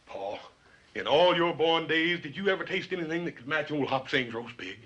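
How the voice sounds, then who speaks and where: An actor playing a big-hearted, always hungry young rancher with a folksy, easygoing way of talking in a 1950s TV western. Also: male voice, on the high side, animated, moderate pace, fairly bright tone, muffled recording. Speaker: ranch son.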